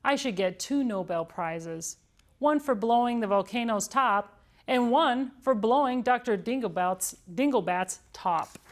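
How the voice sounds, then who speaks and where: A woman's voice: fairly high pitch, animated, measured pace. A woman voicing Amelia Bedelia, an earnest, chatty housekeeper from a storybook. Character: cheerful literal-minded housekeeper woman.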